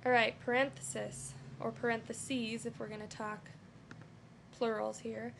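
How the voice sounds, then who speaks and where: A woman's voice: fairly high pitch, a little slow, gravelly, slight background noise. A young adult woman giving a casual lesson over her screen, talking loosely with lots of "um" and "you know". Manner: relaxed, with frequent "um" and "you know". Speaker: teacher.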